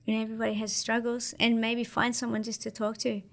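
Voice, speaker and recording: Australian woman, 30s, interview guest; casual, slangy, higher voice. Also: flat delivery, fast, creaky. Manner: laid-back, slangy, many fillers. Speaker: interview guest, para-surfer.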